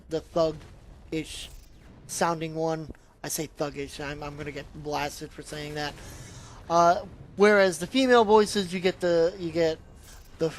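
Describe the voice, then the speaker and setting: Rambling man giving a game review. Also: on the high side. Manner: rambling, conversational, trails off and restarts. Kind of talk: casual spoken game review.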